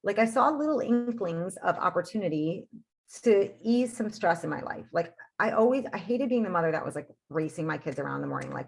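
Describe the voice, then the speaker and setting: Chatty woman with a low, gravelly voice. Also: animated, brisk, a little hiss or hum. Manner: chatty, heavy use of "like" and "right?". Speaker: fitness coach. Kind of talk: personal story on a team call. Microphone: video call.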